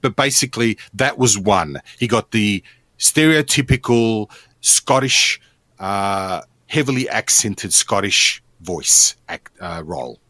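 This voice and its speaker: A man's voice: on the low side, expressive, slow, bright, forceful tone, no echo. A man co-hosting a podcast, explaining at length in casual chat with restarts and fillers. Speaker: podcast co-host.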